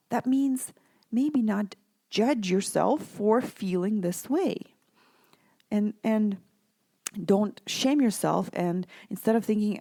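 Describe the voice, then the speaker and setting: Woman coach talking to moms, mellow warm voice, dry close sound, keeps asking right? okay?. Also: on the high side, no echo. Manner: conversational, repeatedly checks in with "right?" and "okay?"; supportive, reassuring. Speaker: parenting coach and podcast host. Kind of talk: podcast coaching monologue.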